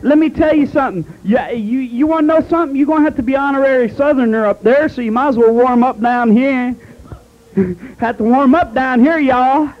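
A Southern American preacher man with a very high voice, delivering a sermon. He is folksy and calls the congregation honey while hammering them with rhetorical questions. The sound is a dull, lo-fi tape recording. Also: moderate pace.

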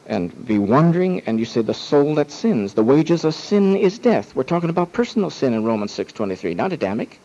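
A man's voice: medium pitch, warm tone, muffled recording. A man teaching how to witness, emphatic and full of rhetorical questions, acting out the other side's objections. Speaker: Bible teacher.

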